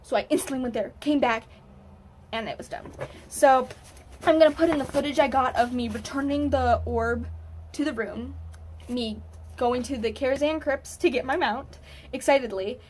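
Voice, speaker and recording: Woman, high-pitched, animated, casual storytelling, excitable, profane. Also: normal speed, slight background noise. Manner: animated, excitable, swears freely. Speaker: gaming vlogger, student.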